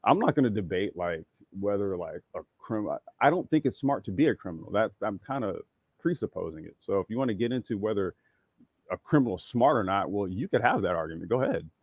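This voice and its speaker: A man's voice: on the low side, lively intonation, fast talker, slightly rough, dry recording, dull audio. A man guesting on a casual livestream talk show, thinking aloud with many restarts and getting emphatic when pressed. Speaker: podcast guest.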